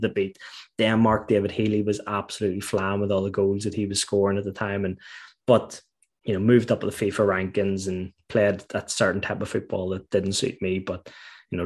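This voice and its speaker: Man, husky, deep, middle-aged, from Northern Ireland, chatty storyteller. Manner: animated storytelling, laughs while recalling. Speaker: former footballer guest. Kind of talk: casual interview chat.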